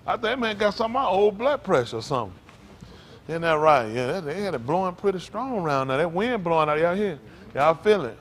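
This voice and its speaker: A man's voice: sits high, a little fast. A man, a pastor preaching in an informal, joking way. He laughs, teases the congregation and keeps asking "isn't that right?". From United States. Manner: animated, laughing, teasing the congregation. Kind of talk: informal joking sermon talk.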